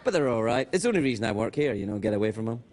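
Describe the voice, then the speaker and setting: Scottish man, lively playful banter. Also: medium pitch, a loud crowd, heavy background noise. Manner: playful, quick ad-libbing. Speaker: late-night talk show host. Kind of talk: comic talk show banter. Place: TV studio with audience.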